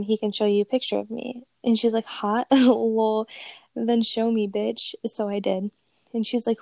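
A woman's voice: medium pitch, gravelly, mellow, dry recording. A young woman casually telling a profane, amused story and reading out chat messages aloud. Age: young adult.

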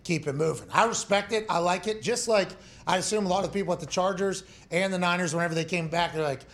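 A man's voice: sits high, fast, fairly bright tone. A man in his thirties, a former punter who hosts a sports talk show, telling stories in a heated, profane, joking way. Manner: profane, heated storytelling that slips into mocking voices.

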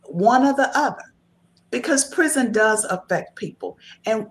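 A woman talking earnestly and emphatically in a casual discussion, giving encouraging advice. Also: on the high side. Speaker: author and guest.

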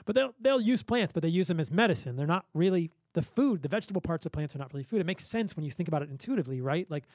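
A man with a fairly high voice talks casually as a physician guest on a podcast. He tells lively stories and laughs often, and the sound is close and dry, with no room echo. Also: racing. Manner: enthusiastic storyteller with frequent laughs.

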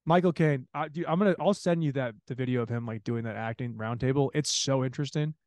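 A man's voice: mid-range voice, quick pace, darkish tone, no echo, clean studio sound. A man co-hosting a podcast, chatting casually and animatedly about a movie, swearing and mimicking the people he talks about. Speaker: podcast co-host.

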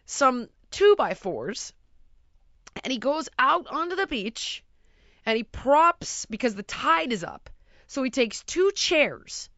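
A middle-aged woman telling a story in casual chat, animated and exasperated, acting out sounds and voices. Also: high voice, no echo, dull audio.

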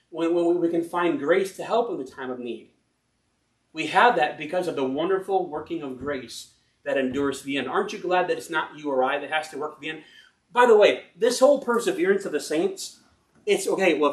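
A man preaches a loose, chatty sermon, wandering off into personal stories and laughing at himself. His voice sits a little high for a man. It sounds roomy, with echo all around, as if picked up from across a church hall. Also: distant mic. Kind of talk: informal sermon. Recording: roomy and from the mic.

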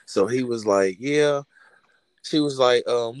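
A man's voice: medium pitch, takes it slowly, clear, resonant tone. A young man telling a prank-call story to friends in casual chat, acting out the voices of the people in it. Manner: relaxed storyteller, acts out quoted voices.

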